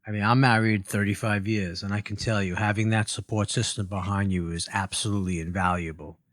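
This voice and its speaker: A man's voice: fairly low pitch, steady tone, brisk, a bit bright, no echo. A man hosting an interview, asking questions in an easygoing, supportive way. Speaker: podcast host. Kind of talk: casual interview.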